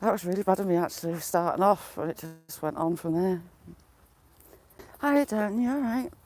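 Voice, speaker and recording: Out walking her dog, a middle-aged woman chats casually to people watching her live, often breaking into giggles. Her voice is medium-pitched and a little mellow, at a normal speed, with a bit of hiss or hum in the audio.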